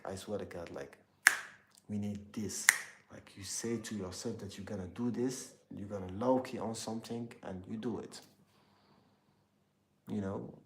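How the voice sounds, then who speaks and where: A young man from Algeria with an Algerian accent, chatting casually with live viewers and often pausing to search for his words. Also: sits low, creaky, darkish tone. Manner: halting, searching for words, heavy use of "like" and "you know". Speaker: live streamer answering chat.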